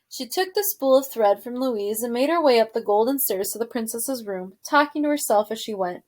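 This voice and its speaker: A woman teacher with a fairly high voice reads a children's novel aloud with expressive storytelling. She stops now and then to put questions to her students. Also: normal speed, few pauses. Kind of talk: reading a novel aloud to a class.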